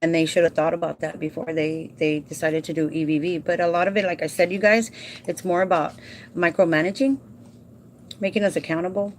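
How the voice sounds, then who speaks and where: A woman's voice: lowish voice, fairly even intonation, brisk, a little hiss or hum. A woman in her forties hosts a casual livestream, talking to viewers by name. She explains work paperwork step by step in a folksy way and drops into Spanish now and then. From Southern California. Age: 40s. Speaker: livestream host.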